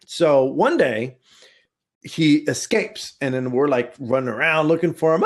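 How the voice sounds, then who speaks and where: Animated swearing man telling a story. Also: a little slow. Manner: animated storyteller, swears often, jumps into high acted voices. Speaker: podcast co-host. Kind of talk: casual podcast chat.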